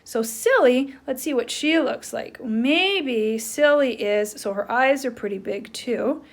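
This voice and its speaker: A woman teacher giving a playful, animated lesson to young children, checking in with "right?" as she draws. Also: fairly high pitch, slow pace. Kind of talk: children's lesson, drawing along.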